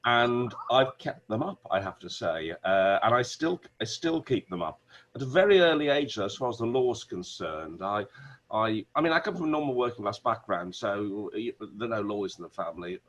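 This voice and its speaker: A middle-aged man with a Wolverhampton accent, a barrister, telling animated stories as a guest on a video call. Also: fairly low pitch, brisk, lo-fi sound. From Wolverhampton, England. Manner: animated storyteller, many restarts. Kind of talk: conversational interview.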